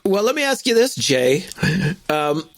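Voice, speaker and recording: A man's voice: sits high, very animated, unhurried. A man co-hosting a podcast tells a story in casual chat, chuckling often. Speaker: podcast co-host.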